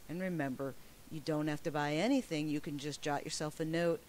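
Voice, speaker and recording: A woman's voice: sits low, fairly even intonation, fairly quick, darkish tone, slight background noise. A woman presenting a teacher training webinar, upbeat and emphatic as she walks through slides. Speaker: professional development trainer.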